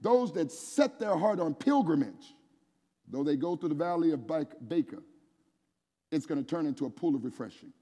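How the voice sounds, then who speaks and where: A man preaching an energetic sermon at a men's conference, calling on the crowd to answer back and raise their hands. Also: a little high, moderate pace. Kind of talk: energetic sermon with call-and-response. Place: large church hall with an audience. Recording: echoey hall, long reverb.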